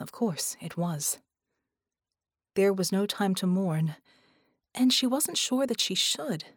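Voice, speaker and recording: A woman narrating an audiobook in a measured, steady reading voice. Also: lowish voice, no room sound, clean studio sound. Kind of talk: scripted narration.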